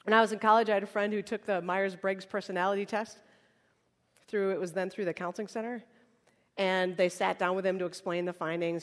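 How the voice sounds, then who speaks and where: A woman's voice: medium pitch, steady tone, a little fast, pauses often. A woman preacher giving a conversational, humorous sermon, acting out little dialogues, in a large worship hall. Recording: reverberant hall.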